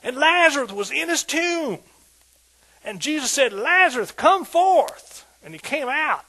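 Older male pastor, high bright husky tone, lively folksy sermon delivery. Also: normal speed, rough recording. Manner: animated preaching, asks "are you with me?" repeatedly; colloquial, folksy storytelling.

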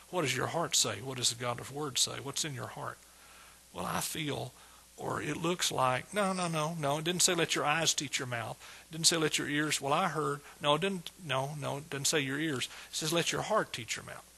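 A man's voice: on the high side, a little fast, creaky, few pauses, bright, forceful tone, slightly rough. A middle-aged man preaching a sermon with exuberant energy, repeating phrases and calling out praise. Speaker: pastor.

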